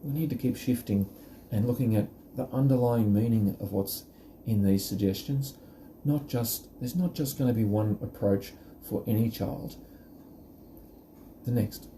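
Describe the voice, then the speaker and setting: A man giving calm, gentle parenting advice and modelling reassuring phrases aloud. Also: fairly low pitch, measured pace, slight background noise. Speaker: parenting educator.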